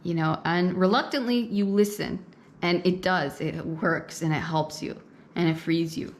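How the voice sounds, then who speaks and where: A tarot reader hosts a pick-a-card reading, chatting directly to her viewers. She repeats herself often, checks in with "okay?" and "right?", and laughs softly at times. Her voice is fairly low and a bit slow, with a slight hiss or hum on the recording.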